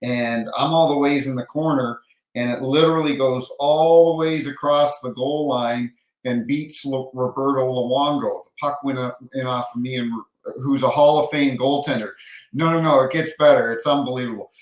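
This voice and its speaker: A middle-aged man, an NHL referee, telling an animated hockey anecdote in casual storytelling, acting out the voices of others. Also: medium pitch, normal speed. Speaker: NHL referee, podcast guest. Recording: roomy echo.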